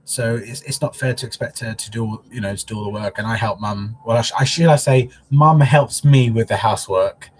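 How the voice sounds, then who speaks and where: A man's voice: mid-range voice, fairly quick, hardly any pauses, slightly rough. A man hosting a casual craft livestream from home, talking openly and emotionally to his viewers. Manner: openly emotional, soppy, chatty. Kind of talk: casual live-stream chat. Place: at home, in a living room.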